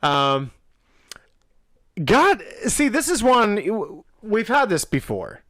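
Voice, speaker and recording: A man's voice: high-pitched, very animated, takes it slowly, fairly bright tone, no echo, studio quality. A man co-hosting a casual movie review chat, rambling with many restarts and fillers. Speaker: podcast co-host.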